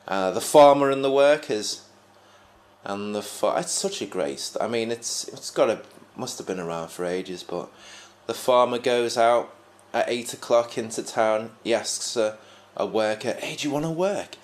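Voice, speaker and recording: A man's voice: on the low side, measured pace. A man talking in a casual, reflective monologue, rambling with frequent restarts as a podcast host. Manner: rambling, many restarts and fillers, musing.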